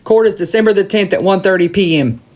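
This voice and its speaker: A woman's voice: mid-range voice, fast talker, darkish tone. A woman with a Southern accent, ranting bluntly and profanely on a livestream from her phone and hammering her points by repeating them. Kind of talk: heated livestream rant.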